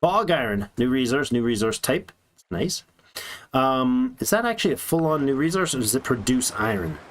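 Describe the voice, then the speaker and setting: A man's voice: medium pitch, big pitch swings, normal speed, a bit bright. A man casually commenting on his strategy game as he plays, chatty and thinking aloud with little jokes to himself. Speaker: let's play streamer.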